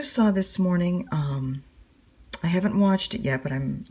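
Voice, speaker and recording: A woman's voice: fairly low pitch, unhurried, mellow. A woman rambling casually to her viewers while she stitches, chatty and full of fillers. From United States. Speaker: cross-stitch vlogger. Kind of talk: casual stitch-along chat.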